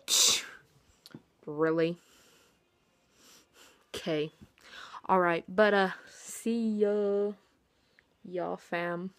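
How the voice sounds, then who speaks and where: A young woman telling a story in a casual vlog, excitable and rambling with many fillers, poking fun at herself. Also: fairly low pitch, extremely slow, long pauses. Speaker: vlogger.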